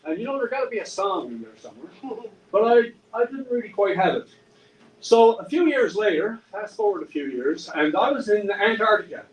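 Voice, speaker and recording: High-voiced man from Newfoundland, wry storyteller. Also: sing-song, fairly quick. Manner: rambling, wry, self-mocking humor with many restarts. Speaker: singer-songwriter and storyteller. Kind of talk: live storytelling at a pub event. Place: pub room. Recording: echoey room, distant mic, faint noise.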